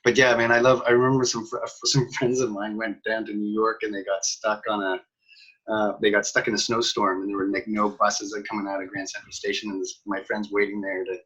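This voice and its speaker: A man's voice: on the low side, flat delivery, fairly quick, a bit bright, slightly rough. A Canadian man hosting a podcast, easygoing and laughing, with lots of fillers as he chats. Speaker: podcast host. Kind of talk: casual interview chat. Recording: dull lo-fi audio.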